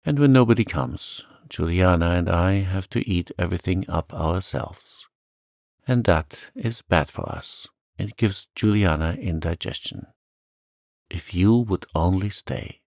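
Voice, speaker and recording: A man's voice: low-pitched, unhurried, a little mellow, no room sound, studio quality. A man voicing a lonely, sweet little old lady who talks in a chirpy, eager, fluttery way.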